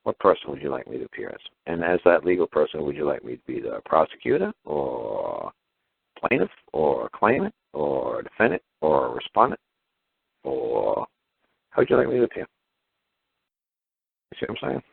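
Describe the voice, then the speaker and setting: A man with an extremely low voice and plenty of vocal fry talks casually and animatedly, slipping into the voices of people he quotes. The sound is dry and squeezed thin, like a phone call. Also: wildly swooping pitch, normal speed, long pauses. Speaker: caller. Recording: dry tinny phone line.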